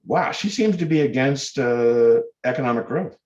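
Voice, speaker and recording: A guest lecturer addresses students in a public lecture, speaking emphatically and firing off sarcastic rhetorical questions. His mid-range voice is expressive and somewhat dark, at a moderate pace. The lecture recording sounds dull and lo-fi.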